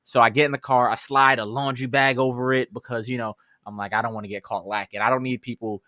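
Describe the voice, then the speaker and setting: A young man from the New York City area, a podcast co-host, telling a story in casual chat, animated and swearing as he acts out his own reactions. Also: medium pitch, fast, dry recording, clean studio sound.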